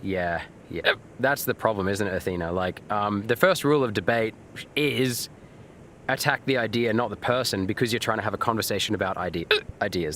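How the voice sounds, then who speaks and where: On a live game stream, a man with a lowish, fairly bright voice chats loosely with his viewers and reads their messages aloud, with slight noise in the background. His talk rambles casually, full of fillers and restarts, and he swears now and then as he answers chat.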